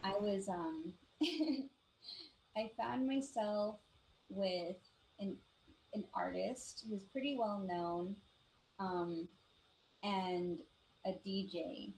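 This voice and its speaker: A woman from the Navajo Nation, co-hosting a live show and telling ghost stories in a casual, animated way, acting out the voices of the people in them. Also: medium pitch, drawn-out words, vocal fry, pauses often, poor audio. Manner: animated storyteller, acts out quoted voices, many "like" fillers. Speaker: podcast co-host. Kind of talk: casual storytelling chat.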